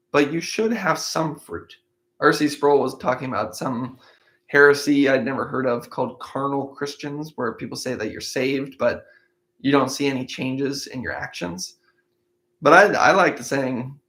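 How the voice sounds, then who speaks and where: A man with a mid-range, fairly bright voice hosts a daily Bible-reading podcast. He reads verses aloud and then explains them conversationally, thinking things through out loud with some restarts.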